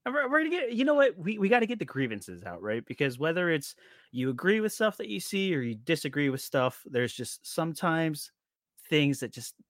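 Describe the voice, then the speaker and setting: Brief: winded male podcast host, joking and rambling, lively pitch, bright tone. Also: a little fast, no room sound, clean studio sound. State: out of breath. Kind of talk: casual podcast chat.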